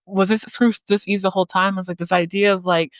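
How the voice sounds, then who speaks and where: A woman's voice: mid-range voice, little pitch movement, quick pace, dry recording. A woman podcast host telling a personal story in a loose, chatty way. She strings thoughts together with frequent "like" and easy laughs. The sound is dry and close. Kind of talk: podcast conversation.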